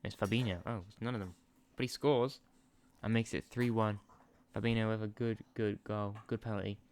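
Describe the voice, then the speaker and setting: A man's voice: on the low side, fairly even intonation, moderate pace, slight background noise. Chatty man commentating gameplay. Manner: chatty, easily distracted, laughs and swears casually. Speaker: gaming channel host. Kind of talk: casual football management gameplay commentary. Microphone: sensitive desk microphone.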